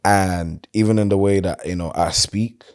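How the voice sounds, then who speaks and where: A man with a South London accent and a very low voice talks in a casual podcast conversation. He tells stories in a relaxed, rambling way. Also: moderate pace, clean tone. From London, England. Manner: relaxed storyteller, loose and chatty. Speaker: podcast guest.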